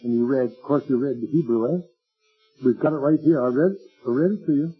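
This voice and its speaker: A man's voice: medium pitch, fast talker, husky, soft background music. A man preaching an impassioned sermon, rising to wailing cries and stretching out his words. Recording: tinny phone-like old recording.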